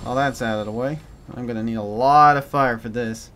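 Excitable man yelling through a game. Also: medium pitch, brisk. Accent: mix of American and British. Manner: excitable, yelps and shouts in panic, then mutters dryly. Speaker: gaming commentator. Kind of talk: commented game playthrough.

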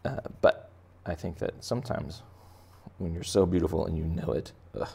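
Low gravelly playful drawing teacher man. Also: normal speed, darkish tone. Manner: playful, jokey, conversational. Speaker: art teacher. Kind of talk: drawing lesson for kids.

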